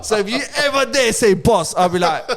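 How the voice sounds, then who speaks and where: A man with a London accent trades jokes in casual podcast banter. His voice sits high and swings widely in pitch. His talk is animated and full of street slang. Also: a little fast. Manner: animated, joking, slang-heavy. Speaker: podcast co-host.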